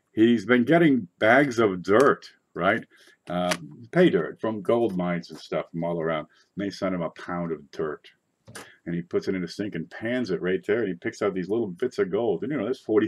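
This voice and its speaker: A man with a fairly low voice hosts a casual coin show from his desk. He rambles in a chatty way and breaks into sudden excited outbursts. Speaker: coin collecting channel host. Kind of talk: casual livestream chat.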